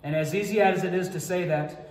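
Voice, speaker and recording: A man preaching as pastor in a Good Friday sermon, reading scripture in a slow, measured, solemn way. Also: sits high, fairly even intonation. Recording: echoey church hall reverb.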